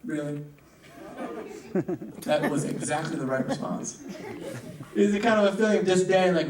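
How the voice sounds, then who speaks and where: Male club emcee, high voice, loose self-mocking patter, picked up far off in an echoey club. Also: moderate pace, pauses often, a little mellow. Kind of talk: stand-up hosting and crowd work. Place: comedy club stage. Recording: roomy club sound from a distance.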